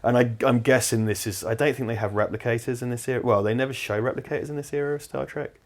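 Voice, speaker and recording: A young man co-hosting a casual film commentary, animated and opinionated, swearing freely. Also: medium pitch, fast. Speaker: podcast co-host.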